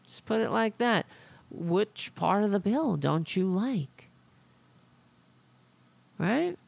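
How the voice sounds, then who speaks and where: A woman's voice: mid-range voice, lively intonation, takes it slowly, vocal fry, darkish tone. A woman hosting a political commentary podcast, delivering a sarcastic, profane, indignant opinion rant.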